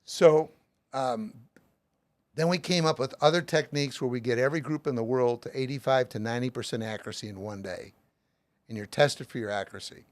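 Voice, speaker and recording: A man's voice: mid-range voice, brisk, dry recording. A middle-aged man as an author and guest, explaining his method with plenty of everyday examples. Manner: emphatic, uses lots of everyday examples.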